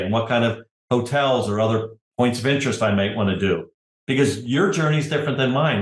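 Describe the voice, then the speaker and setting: A middle-aged man speaks as a podcast guest at an average pitch, telling a long story in a loose conversational way. He often adds "right?" and "you know". His voice carries noticeable room echo. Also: brisk. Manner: conversational, tag questions, frequent "you know". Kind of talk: casual interview storytelling.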